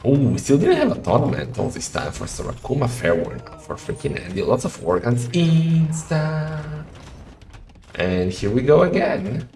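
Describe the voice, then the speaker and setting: Male esports caster with gravelly voice. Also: mid-range voice, measured pace, a little hiss or hum. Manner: chatty, rises to excited shouting in fights. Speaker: game caster. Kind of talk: live esports commentary. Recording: roomy echo with faint music.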